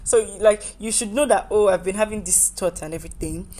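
A Nigerian woman hosts a casual personal podcast monologue, goofy and rambling, constantly correcting herself. Her medium-pitched voice is brisk and dark in tone, with a breathy edge.

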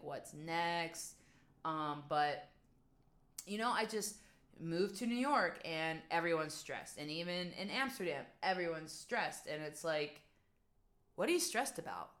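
A woman's voice: low voice, fairly bright tone. A young woman from West Virginia, talking casually to camera as a vlogger and coach, emphatic and chatty with many rhetorical questions. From West Virginia, USA. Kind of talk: casual advice monologue.

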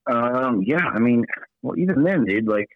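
A man's voice: medium pitch, animated, normal speed, no room sound. A man calling into a podcast as a guest, laid-back and casually swearing, heard over a phone line. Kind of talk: casual chat. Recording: tinny phone-line call.

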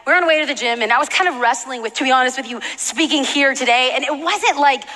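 A woman preaching a passionate sermon to a church audience, moving between hushed, intimate moments and shouted declarations. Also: high voice, quick pace. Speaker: guest preacher. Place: large church hall with audience. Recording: reverberant church hall, faint noise.

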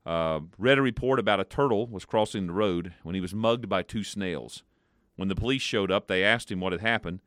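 A man co-hosting a devotional show, telling jokes in a playful, animated way. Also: fairly low pitch, fairly quick, smooth, no echo, clean studio sound. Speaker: co-host. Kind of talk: casual chat, telling jokes.

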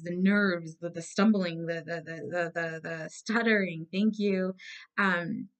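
A woman with a low, gravelly voice gives a casual tarot reading straight to her viewers. She is blunt and swears freely. She hammers home her advice by saying it again and again. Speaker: tarot reader.

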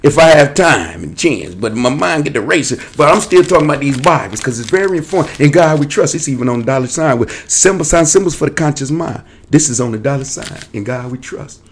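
Speaking a little fast and with few pauses, a male show host delivers a rambling monologue to camera in a medium-pitched, husky, expressive voice. He's restless and digressive, skipping between topics in casual, streetwise speech peppered with curses.

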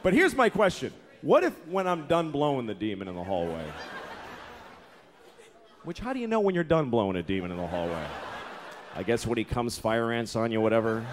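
Exasperated stand-up comic, very animated. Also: male voice, medium pitch, brisk, slight background noise. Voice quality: profane, exasperated storytelling with mock-voiced characters. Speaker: stand-up comedian. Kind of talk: stand-up comedy set. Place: comedy club stage before a laughing audience. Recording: live club recording with crowd laughter.

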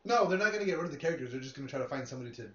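Rambling, profane podcast host. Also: male voice, fairly high pitch, animated, racing, a bit bright. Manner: profane, rambling, laughs often. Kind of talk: casual chat. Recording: echoey room, dull lo-fi sound.

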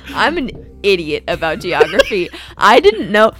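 A woman's voice: mid-range voice, huge pitch swings, moderate pace, a bit bright. A young woman co-hosting a casual podcast, giggly and self-deprecating, with faint music behind her. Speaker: podcast co-host.

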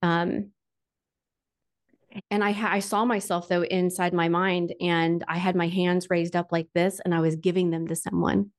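A woman's voice: lowish voice, flat delivery, normal speed. A woman sharing a personal faith story in a candid, chatty way, full of fillers like "like" and "um", earnest and emotional with touches of self-deprecating humor.

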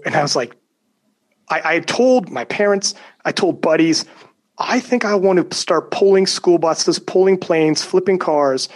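A young adult man telling a personal story in casual chat, emphatic and profane, often acting out what others said. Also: fairly high pitch. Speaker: guest storyteller.

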